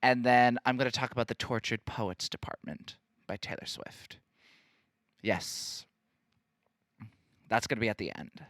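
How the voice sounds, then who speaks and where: A man hosting a podcast in casual chat, talking in a campy, animated way and laughing often. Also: medium pitch, unhurried, long pauses, no echo, clean studio sound. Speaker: podcast host.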